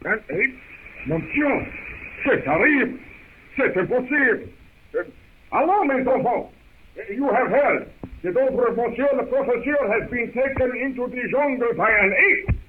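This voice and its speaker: An actor playing a rallying French ship captain with a French accent, theatrical, on a tinny old radio broadcast. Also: male voice, very high-pitched, expressive, moderate pace, a little hiss or hum.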